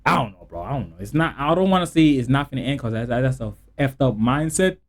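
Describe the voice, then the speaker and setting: A man's voice: mid-range voice, fast. A young South African man with a South African accent, hosting a reaction video and giving blunt, slangy commentary on the clip. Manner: blunt, slangy, animated, talks back at the clip.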